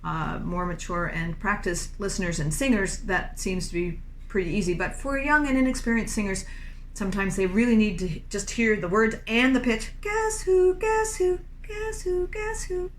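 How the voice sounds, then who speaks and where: A middle-aged woman talks teachers through a classroom singing game in a patient, encouraging way. Her voice sits at a middle pitch, and she breaks into short sung phrases now and then. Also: moderate pace, a bit bright, slight background noise. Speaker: music teacher. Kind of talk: instructional talk with sung demonstrations.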